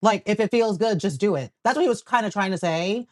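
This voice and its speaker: A woman co-hosting a casual reality TV recap, talking in a measured way and quoting the people she discusses. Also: medium pitch, darkish tone. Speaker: co-host.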